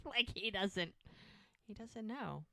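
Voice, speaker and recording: A woman's voice: medium pitch, unhurried, sharp tone, smooth, no room sound. A woman co-hosting a podcast, recapping a TV episode in casual chat, laughing often and briefly quoting characters. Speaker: podcast co-host.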